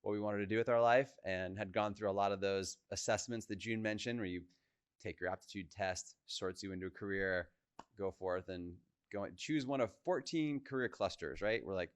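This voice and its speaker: A man's voice: on the low side, a little fast, clean tone, dry recording, clean studio sound. A man, a co-founder, telling his organization's story in a casual, chatty conference talk full of "like" and "you know". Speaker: co-founder giving a presentation.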